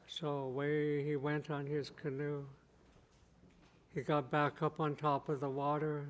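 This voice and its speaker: A man's voice: a little high, flat delivery. A man, a tribal chief giving a keynote, telling a traditional story in plain, repetitive phrasing. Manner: slow, repetitive, plain-spoken.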